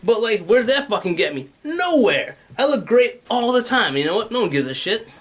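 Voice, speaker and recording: Swearing freely and bouncing between thoughts, this man pitches his venture as a vlogger in a rambling, casual rant. His voice is high and fairly bright, sing-song and a little fast.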